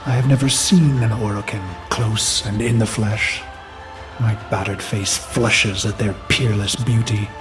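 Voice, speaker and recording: A man's voice: fairly low pitch, fairly even intonation, unhurried, over music, close to an everyday voice. An actor playing a brooding, vengeful human warlord who recalls his past in a grave, haunted inner monologue for a game cutscene. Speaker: narrator of a memory.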